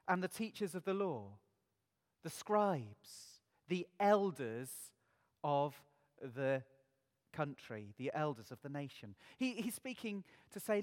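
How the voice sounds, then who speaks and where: A man's voice: sits high, big-room sound. A man preaching a sermon in an earnest way, asking his listeners many rhetorical questions.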